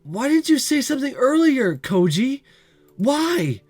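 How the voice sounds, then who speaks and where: A man's voice: high-pitched, very animated, normal speed, a little mellow, faint music behind. A man with a cold voicing an emotional teenage girl who confronts her childhood friend in a visual novel reading. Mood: hurt, accusing. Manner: pleading, rising to accusation. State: has a cold.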